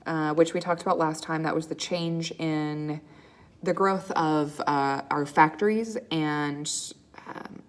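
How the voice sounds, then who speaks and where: A woman teaching a history lesson over slides in a relaxed, chatty way, often checking in with "okay?" and filling pauses with ums. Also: fairly low pitch. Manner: casual, checks in with "okay?" and "right?"; frequent ums and uhs, restarts. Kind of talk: recorded slide lecture.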